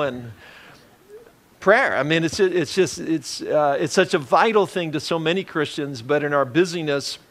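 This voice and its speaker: Man, pastor, casual sermon, rambling, filler-heavy, somewhat high-pitched. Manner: relaxed, rambling, many fillers and restarts. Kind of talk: conversational sermon.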